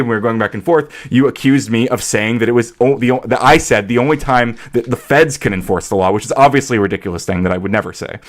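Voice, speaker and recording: A mid-pitched man rattles through his rebuttal in an online debate, earnest and eager to set the record straight. He repeats and restarts words as his thoughts outrun him, but keeps pressing his points. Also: a bit bright. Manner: rapid, stammering restarts, earnest. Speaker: debate panelist.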